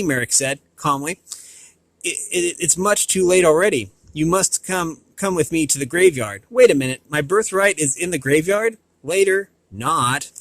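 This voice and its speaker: A man's voice: fairly bright tone, no echo. Man reading a novel, stumbling often. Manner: stumbles and restarts on words, adds asides; raises pitch for quoted dialogue. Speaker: reader.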